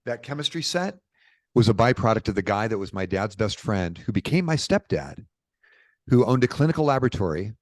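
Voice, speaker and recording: A middle-aged man from Portland, Oregon, telling stories as a podcast guest in a lively, informal way. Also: on the low side, a little fast, dry recording. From Portland, Oregon, USA. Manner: animated, informal, peppered with "dude" and "bro". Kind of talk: casual conversational storytelling.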